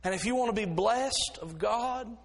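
A man's voice: high-pitched, normal speed. A middle-aged man preaching a sermon as pastor, folksy in his stories and rising to fervent preaching.

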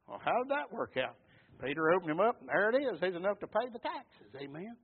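A man's voice: high voice, very animated, fairly quick, slightly rough. A man, preaching a sermon in a fervent, folksy storytelling way. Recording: tinny phone-like sound.

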